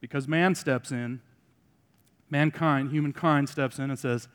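A man's voice: medium pitch, fairly even intonation, unhurried, clean tone. Joking preacher man in a reverberant hall. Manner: joking asides to the congregation; shifts between loud emphasis and quiet asides. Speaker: pastor. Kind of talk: sermon.

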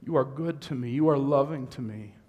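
A man's voice: mid-range voice, fairly quick, in a large hall. A man preaching a sermon as a pastor, moving from easygoing asides to fervent, rising exhortation. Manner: builds from conversational to impassioned shouting.

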